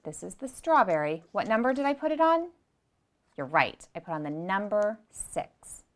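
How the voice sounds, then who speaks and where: A young woman teaching preschoolers, gentle and patient, speaking slowly and clearly and repeating her directions. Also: mid-range voice, very animated. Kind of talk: slow, clear lesson for young children.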